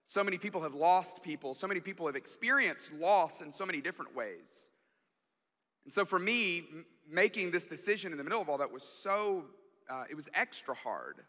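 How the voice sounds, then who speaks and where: High bright-voiced man preaching. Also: fairly quick. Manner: animated, self-deprecating storytelling with restarts. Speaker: guest pastor. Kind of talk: storytelling sermon. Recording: long hall reverb.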